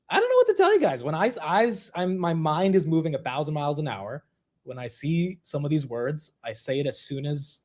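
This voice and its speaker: A young man hosting a casual livestream, laughing at himself and reacting quickly to the chat. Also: a little high. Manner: animated, self-mocking, reacting to chat. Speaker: livestream host.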